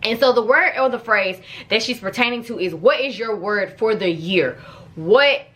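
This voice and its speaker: Young woman vlogger, bright-pitched and very lively, playful storyteller. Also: normal speed. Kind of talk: casual vlog chat.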